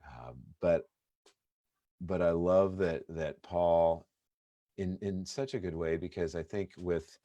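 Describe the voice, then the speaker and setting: A man in his thirties, a pastor, giving a casual devotional talk in a relaxed, rambling way with many fillers and restarts. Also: low-pitched, slow pace, no room sound, muffled recording. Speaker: pastor hosting a Bible study.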